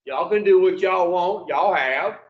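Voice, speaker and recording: A man's voice: high voice, measured pace, roomy sound, lo-fi sound. A man voicing a sly tempting snake in a spoken story, coaxing and persuasive.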